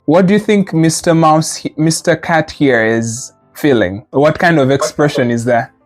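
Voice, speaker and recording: A man's voice: fairly high pitch, normal speed, soft background music. A man teaching a language class, patiently modeling sounds and drilling students with repetition. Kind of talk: classroom lesson.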